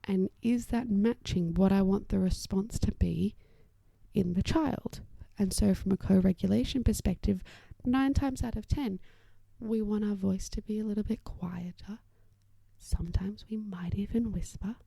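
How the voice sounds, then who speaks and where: A young adult woman hosting a solo podcast as an occupational therapist, chatty and reassuring, often dropping to a soft whisper as she explains parenting strategies. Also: medium pitch, moderate pace, creaky, no echo.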